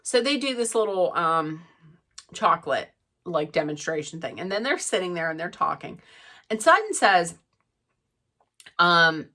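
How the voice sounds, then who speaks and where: Middle-aged woman, unhurried and chatty reality-TV recapper with a bright tone. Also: mid-range voice. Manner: chatty, gossipy, animated retelling with asides. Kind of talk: casual recap chat.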